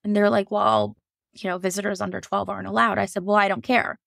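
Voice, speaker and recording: Gravelly-voiced woman telling a raw story. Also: medium pitch, flat delivery, quick pace, a bit bright, no room sound, studio quality. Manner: emotional, frank, swears, many fillers. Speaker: guest telling her birth story. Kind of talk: candid personal storytelling.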